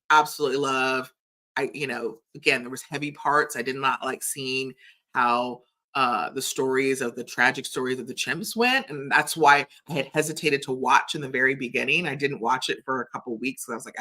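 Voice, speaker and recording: Low, bright-toned chatty woman. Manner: chatty and candid, retells scenes in quotes, many fillers. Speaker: TV reviewer and host. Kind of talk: casual recap commentary. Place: home room filled with pop culture items.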